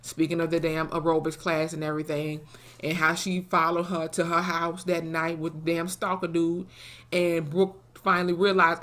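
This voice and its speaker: A woman with a slightly low voice talks through a TV episode in a loose, chatty recap. She tells the story with plenty of swearing and jumps into the characters' dialogue as she goes. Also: moderate pace. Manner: animated, profane storytelling that acts out quoted dialogue. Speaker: TV episode reviewer.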